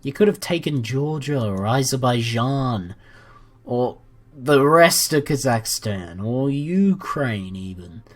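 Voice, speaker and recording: Man, game commentator, slow unhurried talk, playful, jokey, casual. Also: mid-range voice. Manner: playful, jokey, chatty with excited outbursts. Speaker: gaming commentator.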